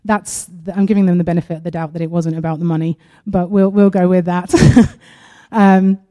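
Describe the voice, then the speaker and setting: A woman sharing a personal testimony at a church service, earnest and halting, partly reading aloud from her own writing. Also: lowish voice, steady tone, mellow. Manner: earnest and halting, with frequent pauses.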